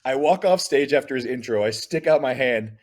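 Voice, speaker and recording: A middle-aged comedian guest tells stories in a casual interview, animatedly acting out the dialogue in different voices. His voice is medium-pitched and brisk.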